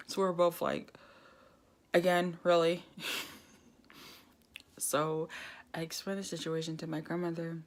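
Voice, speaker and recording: A young woman vlogger telling a lively personal story, laughing often and acting out what people said. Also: lowish voice, measured pace, long pauses. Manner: animated storytelling, laughs often, acts out quoted dialogue. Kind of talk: casual storytime vlog.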